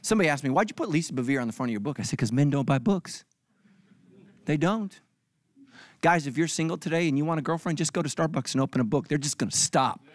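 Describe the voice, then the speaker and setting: A man's voice: fairly high pitch, lively intonation, quick pace, a little hiss or hum. A middle-aged male pastor giving a comedic sermon, acting out other people's lines for laughs.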